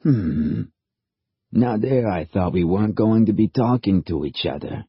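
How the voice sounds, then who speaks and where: A man voicing a calm, smooth-talking male interrogator who coaxes casually, in a dry, slightly dull audiobook recording. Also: lowish voice, unhurried, no echo, heavily acted. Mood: coaxing. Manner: casual, coaxing.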